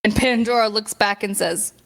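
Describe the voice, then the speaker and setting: A woman's voice: mid-range voice, moderate pace, vocal fry, fairly bright tone, low-quality recording. A woman narrating a tabletop game as game master, chatty and full of fillers. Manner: chatty, laughing, many fillers.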